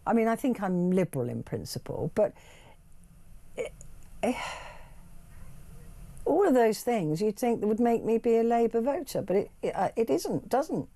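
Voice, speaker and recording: Late-night woman phone-in host, warm low voice, lively rambling delivery. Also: moderate pace, vocal fry, pauses often. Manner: rambling, thinks aloud with many restarts. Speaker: radio talk show host. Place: radio studio.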